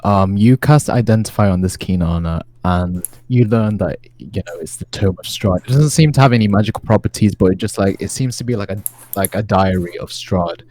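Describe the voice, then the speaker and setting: Deep-voiced laid-back game master. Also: male voice, a little fast, mellow, rough recording. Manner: laid-back, with frequent fillers. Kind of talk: narrating a tabletop game.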